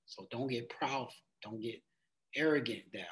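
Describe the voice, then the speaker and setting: A man's voice: medium pitch, a little slow, rough recording. Man teaching scripture in loose conversational talk. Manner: conversational, loose phrasing with frequent "it's like"; reads verses aloud in old-fashioned wording, then explains them plainly. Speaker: Bible study teacher. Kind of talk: casual Bible study teaching with scripture reading.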